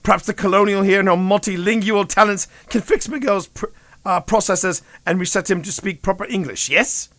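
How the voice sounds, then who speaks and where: A man's voice: high-pitched, brisk, a bit bright, pitched above the performer's own voice. A man voicing a pompous, snobbish male hotel clerk who speaks in a clipped, condescending way.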